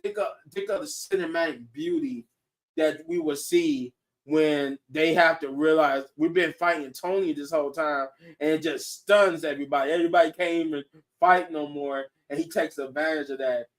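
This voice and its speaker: A man hosting a casual online show, talking in an excited, rambling way and laughing often. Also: fairly high pitch, moderate pace. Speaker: show host. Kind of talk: casual chat reacting to viewers.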